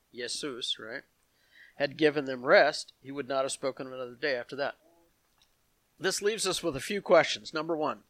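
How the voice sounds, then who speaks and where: A man's voice: fairly high pitch, sharp tone, dry recording. Man giving a Bible teaching, dry sound. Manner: explanatory, reads passages aloud with asides to the congregation.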